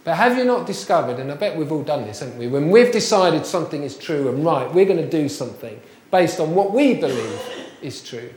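A man's voice: a little high, sing-song, fairly quick, a little mellow, reverberant, slight background noise. A man preaching a sermon, chatty and full of rhetorical questions. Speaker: pastor.

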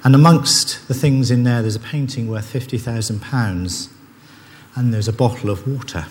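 The voice is a man's, mid-range and darkish in tone, at a moderate pace, with slight background noise. He preaches a sermon in church, earnest and conversational, regularly restarting his sentences, and the hall adds long reverb and faint ambience.

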